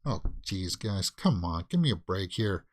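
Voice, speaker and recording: A man's voice: deep voice, sing-song, measured pace. A man hosting a casual live movie news stream, talking loosely with many fillers and restarts and breaking into exclamations. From Canada. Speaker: host of a movie news channel.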